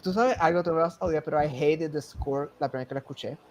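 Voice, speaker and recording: A Puerto Rican man chatting casually about movies on a podcast, mixing Spanish and English mid-sentence. He talks quickly and jokes around. His voice sits fairly high. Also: a little mellow, a little hiss or hum. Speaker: podcast co-host. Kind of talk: casual film chat.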